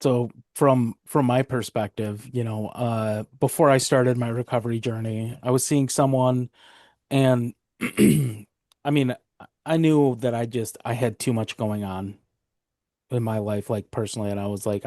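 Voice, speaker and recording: A man's voice: mid-range voice, warm tone, no echo, clean studio sound. A young man co-hosting a podcast, speaking in a thoughtful, hesitant way as he reflects on his past. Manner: thoughtful, hesitant, with fillers and restarts. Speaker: podcast co-host. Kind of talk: casual reflective chat.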